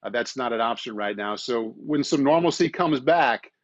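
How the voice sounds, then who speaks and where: A man's voice: medium pitch, expressive, moderate pace, no echo. Man, forties, co-host, easygoing, dry muffled audio. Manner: friendly, easygoing. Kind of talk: casual podcast chat.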